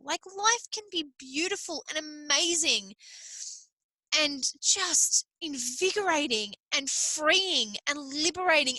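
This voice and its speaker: Bright earnest woman host. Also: sits high, no echo, low-quality recording. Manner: earnest, repetitive, emphatic with occasional swearing. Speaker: podcast host. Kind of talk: motivational solo podcast.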